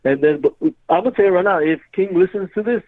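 A man's voice: high voice, quick pace, no room sound, narrow, tinny audio. A man telling a rambling, casual story as a podcast guest, repeatedly saying "you know what I mean".

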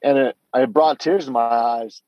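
Earnest man retelling his past, halting. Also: medium pitch, steady tone, lo-fi sound, a little hiss or hum. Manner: earnest, halting storytelling with many restarts and acted-out dialogue. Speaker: guest telling his story. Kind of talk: candid personal testimony.

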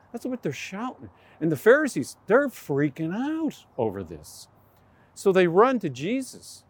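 A male pastor preaching a sermon, telling the story with animated energy and acting out the voices of the crowd. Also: sits high, normal speed, breathy edge, no room sound.

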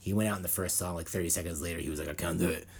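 A man's voice: low voice, racing, creaky, slightly rough. A man hosting a metal news podcast, talking in rambling, profane casual chat. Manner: rambling, profane, animated banter.

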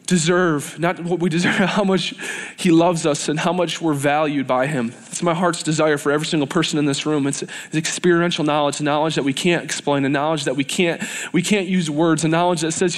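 A male preacher delivers a sermon in a church. His voice sits a little high for a man, and he talks earnestly, repeating phrases as he builds up intensity. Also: steady tone, a little fast, hardly any pauses.

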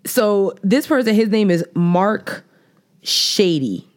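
A woman co-hosting a podcast, chatting casually in animated, slangy banter with frequent laughs. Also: mid-range voice, slow pace. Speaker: podcast co-host. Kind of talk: casual chat.

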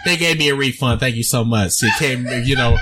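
A man telling a loud, profane, comedic rant to his friends, swearing constantly and laughing as he talks. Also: medium pitch, fairly quick, heavy background noise. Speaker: host ranting to co-hosts. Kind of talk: profane comedic rant, casual group chat.

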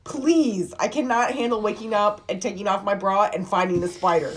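A woman's voice: mid-range voice, fairly even intonation. A woman co-hosting a movie podcast, chatting bluntly and joking around. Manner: blunt, joking, quick to exaggerate. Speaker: podcast co-host. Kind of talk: casual movie chat.

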